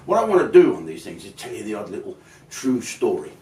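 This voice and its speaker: A man's voice: lowish voice, huge pitch swings, fairly quick, warm tone, recorded from a distance, slight background noise. An older man, telling rambling, sweary comic stories in a casual way. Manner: swearing, rambling, slips into put-on voices. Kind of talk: casual anecdotal storytelling. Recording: roomy, from off-mic.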